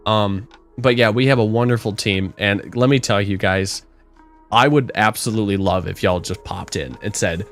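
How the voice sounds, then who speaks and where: A young man co-hosting a podcast, telling stories in a casual, animated way, swearing and acting out the people he quotes. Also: fairly low pitch, normal speed, faint music behind. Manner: animated, swearing storyteller who acts out quotes loudly. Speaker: podcast co-host. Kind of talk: casual storytelling chat.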